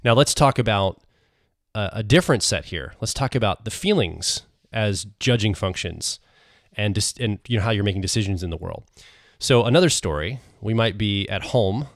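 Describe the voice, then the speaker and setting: Guy cohosting a podcast, kinda low voice, dry sound, lots of restarts as he explains stuff. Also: expressive, normal speed, no room sound. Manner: talks through ideas with frequent restarts. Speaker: podcast co-host.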